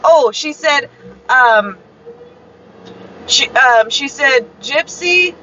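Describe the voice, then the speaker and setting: This young Chicana woman's high voice is animated and bright, with a forceful edge and drawn-out words. She's chatting casually on a live stream, spinning a story full of fillers and quoted dialogue. The sound is lo-fi and a bit dull, with faint background noise.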